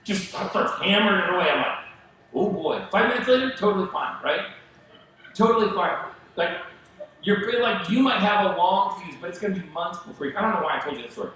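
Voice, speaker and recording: A middle-aged man preaching a sermon in a conversational, animated way, with asides and acted-out quotes, at a church stage mic. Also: high-pitched, brisk, slight background noise. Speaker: pastor. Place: church auditorium. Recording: very echoey church hall.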